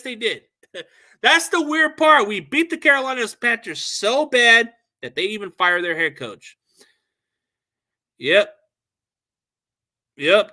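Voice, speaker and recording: A man's voice: high-pitched, pushed and bright. A man hosting a casual post-game sports talk, venting his frustration in a profane, rambling rant while answering chat comments. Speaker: sports show host.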